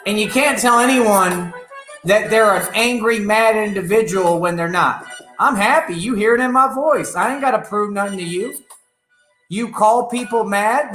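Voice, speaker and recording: A man's voice: high voice, pushed and bright. Defiant, boastful man ranting in an echoey room. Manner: defiant, boastful, profane and taunting. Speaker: online radio show host. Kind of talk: ranting live-stream monologue.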